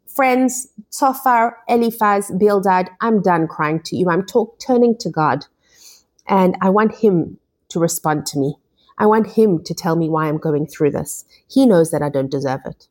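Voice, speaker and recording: A woman's voice: fairly low pitch, animated, a little slow. A woman voicing a grieving biblical man in a scripture lesson, pleading his innocence in an anguished voice and repeating her words.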